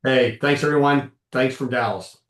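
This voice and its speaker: A man's voice: mid-range voice, normal speed, a bit bright. A man who is a guest executive, talking casually and amiably in an interview. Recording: echoey room sound.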